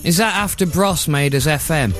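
A man's voice: a little high, moderate pace, fairly bright tone, soft background music. A man co-hosting a radio show in a studio, adding dry one-liners to the banter.

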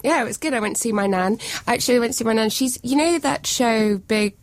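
A woman's voice: on the high side, fast, no room sound. A woman, a guest actress on a radio show, chatting in a friendly, easygoing way. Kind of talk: casual radio interview.

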